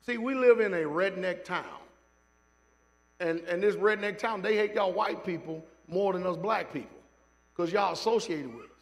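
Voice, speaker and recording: A man preaching in a church sanctuary. His voice sits high and he tells stories with fiery, shouted peaks, then drops into casual, joking asides to the people in the pews. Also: moderate pace. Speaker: pastor. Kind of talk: sermon.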